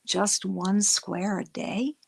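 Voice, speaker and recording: Middle-aged woman, livestream host, casual rambling chat, slow pace, gravelly voice. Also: mid-range voice, fairly even intonation. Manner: chatty, rambling, frequent restarts.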